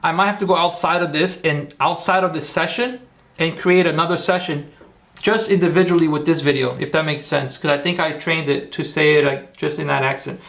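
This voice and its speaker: A man's voice: fairly high pitch, fairly even intonation, a little fast, vocal fry, fairly bright tone. A man hosting a casual tutorial livestream, rambling, repeating himself and talking to his chat. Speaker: livestream host.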